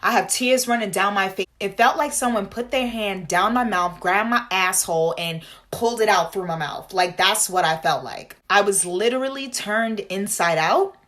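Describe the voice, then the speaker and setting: A young woman talking straight to camera in a casual storytime vlog. She fills her speech with "like" and slangy asides. When she reenacts a scene, her voice leaps up into high, dramatic quoted lines. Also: normal speed, few pauses. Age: young adult. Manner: animated, dramatic retelling with bursts of high acted quotes; frequent fillers like "like" and slangy asides. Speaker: vlogger.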